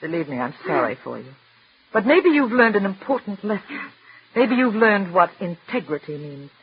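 An actress playing a composed married woman who narrates and speaks in a crisp, reserved and firm way, in a 1940s radio drama. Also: mid-range voice, very animated, moderate pace, slight background noise. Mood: stern. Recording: muffled old radio recording with music.

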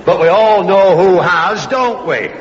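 An actor voicing a dry, put-upon neighbour who drives a taxi, in a vintage radio sitcom. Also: male voice, high-pitched, lively intonation, a little slow. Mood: aggrieved. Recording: dull old broadcast with hall reverb.

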